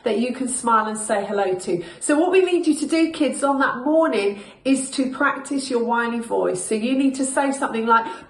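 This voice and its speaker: A woman with a high voice wraps up a children's session with upbeat announcements, talking straight to the kids. The sound bounces around an echoey room. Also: expressive, moderate pace, few pauses. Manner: bright, upbeat, addressing kids directly. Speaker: children's ministry host. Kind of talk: cheerful closing announcements to children.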